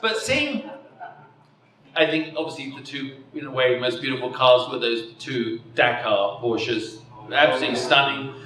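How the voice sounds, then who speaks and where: A man in his fifties gives an after-dinner keynote speech in an indoor dinner hall, rambling and self-deprecating with frequent chuckles. His mid-range voice is expressive, pushed and bright, at a measured pace. The recording is echoey and distant, with a little hiss or hum.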